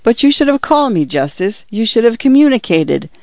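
A man voicing an excitable, fussy middle-aged husband who frets and exclaims in an audiobook reading. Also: fairly high pitch, moderate pace, no room sound, lightly acted. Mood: agitated. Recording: dull, lo-fi, dry recording.

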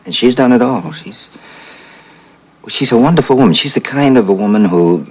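A man's voice: mid-range voice, animated, moderate pace, a crowd in the background, close to an everyday voice. A man playing a weepy sentimental divorced dad. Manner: mournful, apologetic, sentimental. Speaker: divorced father.

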